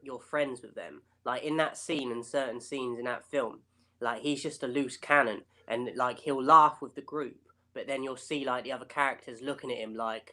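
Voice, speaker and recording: A man's voice: mid-range voice, steady tone, moderate pace, sharp tone. A British man co-hosting a casual film review chat, searching for words and leaning on "like" and "um". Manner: hesitant, filler-heavy, lots of "like". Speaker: film podcast co-host.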